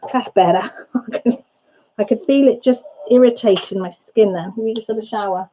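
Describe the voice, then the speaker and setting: A woman's voice: on the high side, moderate pace, muffled recording, slight background noise. A woman hosting a casual crafting livestream from home, rambling and chatty, often breaking off mid-thought. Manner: chatty, rambling, self-interrupting. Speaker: crafting channel host.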